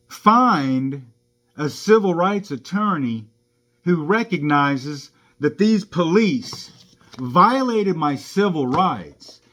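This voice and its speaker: With a fairly high, somewhat bright voice, a man who drives for a rideshare service angrily recounts his own encounter with police, sounding aggrieved throughout.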